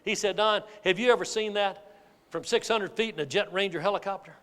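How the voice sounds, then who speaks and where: A man giving a keynote sales speech, telling a folksy, animated story to a live audience. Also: high-pitched, a little fast. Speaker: motivational sales speaker. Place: large hall with an audience. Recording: reverberant hall.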